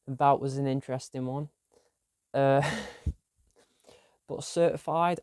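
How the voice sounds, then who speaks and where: A man's voice: medium pitch, fairly even intonation, takes it slowly, long pauses, a little mellow, clean tone, no room sound, clean studio sound. A young man, chatting casually about his week in a rambling, self-deprecating diary vlog. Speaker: vlogger.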